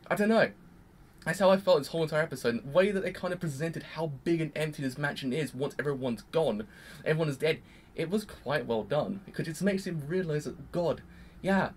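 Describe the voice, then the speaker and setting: A man giving a casual, rambling review of an anime episode, excitable and full of fillers. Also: on the high side, slight background noise. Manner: rambling and excitable, heavy use of "like".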